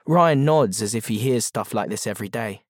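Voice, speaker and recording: A man's voice: on the low side, moderate pace, darkish tone, no echo, studio quality. A man reading a first-person audiobook narration in a terse, wry, matter-of-fact manner.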